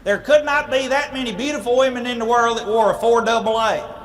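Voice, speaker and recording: Guy telling a funny story live, folksy, makes sound effects, high voice, noisy tape. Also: brisk, long reverb tail. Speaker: comic storyteller. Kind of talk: humorous storytelling to a live audience.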